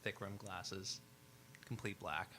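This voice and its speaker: A man's voice: low-pitched, steady tone, slow pace, pushed and bright, slight background noise. A man playing a tabletop role-playing game, talking casually and eagerly about his character. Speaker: player.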